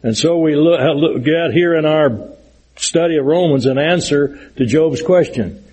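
A middle-aged male preacher with a husky, slightly raised voice leads a Bible study. He explains scripture earnestly, dwelling on key words with firm emphasis. His tone is dark and mellow rather than bright. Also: fairly high pitch, a little slow, poor audio. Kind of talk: sermon-style Bible lesson.

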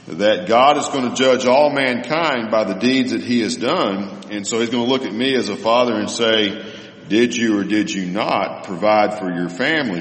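A man teaching a Bible lesson and answering a question, thoughtful and explanatory, with many pauses and fillers. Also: lowish voice, fairly bright tone. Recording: roomy hall with long reverb.

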